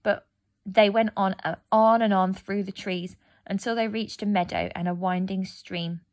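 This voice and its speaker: A woman narrating a fairy tale aloud, gentle and expressive. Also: mid-range voice, normal speed. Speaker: storyteller. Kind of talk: storybook narration.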